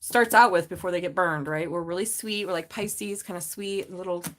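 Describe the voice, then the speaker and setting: A woman's voice: on the low side, brisk, fairly bright tone. Woman, middle-aged, tarot reader, live stream, chatty, swears freely, laughs a lot. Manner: chatty and profane, laughs often, gushes at viewers.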